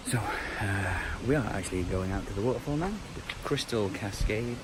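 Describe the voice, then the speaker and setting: A man chatting casually to a handheld camera as a travel vlogger, relaxed and full of fillers. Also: lowish voice, normal speed. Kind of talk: casual vlog narration. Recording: loud background noise.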